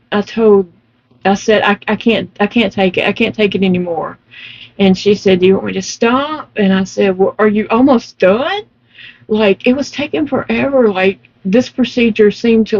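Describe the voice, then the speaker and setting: A woman's voice: mid-range voice, moderate pace, darkish tone, lo-fi sound. A woman chatting casually while crocheting, telling her story emphatically and laughing often. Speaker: vlogger.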